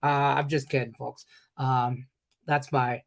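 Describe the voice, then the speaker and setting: A man's voice: medium pitch, little pitch movement, slow, creaky. A man in his forties hosting a sports betting show in an upbeat, joking way with rambling asides, hiccuping now and then. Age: 40s. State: has the hiccups. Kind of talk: casual live show hosting.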